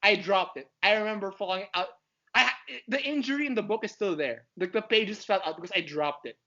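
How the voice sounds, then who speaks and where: A man chatting as a podcast guest in an excitable, rambling, fannish way. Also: high-pitched, fairly quick, muffled recording. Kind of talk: casual chat.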